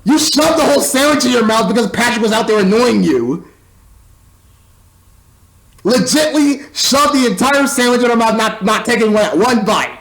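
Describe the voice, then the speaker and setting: High-voiced young man ranting about a movie. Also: animated, moderate pace, a bit bright, poor audio. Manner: rambling, exasperated, stumbling over words. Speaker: movie reviewer. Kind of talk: casual spoken movie review.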